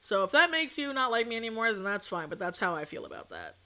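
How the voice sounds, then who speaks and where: A woman's voice: mid-range voice, fast talker. A young woman streaming as a VTuber, chatting casually and bluntly, with a sore throat. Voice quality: outspoken, animated storytelling. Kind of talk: casual chat.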